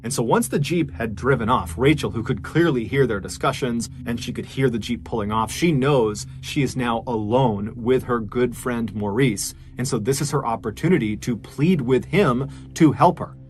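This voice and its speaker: A man tells a true crime story in a relaxed, conversational podcast manner, dropping in casual asides as he goes. His voice sits in an ordinary middle pitch. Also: moderate pace, few pauses, soft background music. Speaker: podcast narrator.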